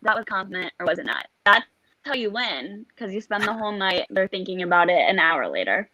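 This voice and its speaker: A woman's voice: mid-range voice, big pitch swings, a little fast, pushed and bright, no room sound, muffled recording. A woman from the St. Louis area co-hosting a casual chat over a video call, playful and laughing often. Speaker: co-host.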